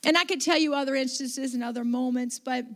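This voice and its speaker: A woman's voice: high-pitched, brisk. A middle-aged woman pastor telling a story in a conversational sermon, with restarts and asides.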